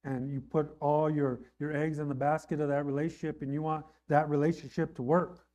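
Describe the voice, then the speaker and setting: Male pastor, pitched a little high, earnest conversational sermon delivery. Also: level tone, a little fast, warm tone. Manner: earnest, conversational preaching with repeated "right?".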